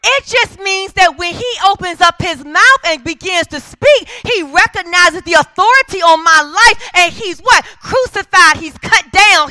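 A woman's voice: extremely high pitch, sharp tone, no echo. A woman preaching a sermon in a church, driving her points with repeated calls for agreement from the congregation. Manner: emphatic call-and-response preaching.

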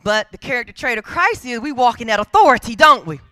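A woman preaches a sermon in church with emphatic call-and-response, pushing her points by repeatedly asking the congregation to agree. Her voice is a little high, bright and pushed, with lively intonation and a quick pace. There is no room sound.

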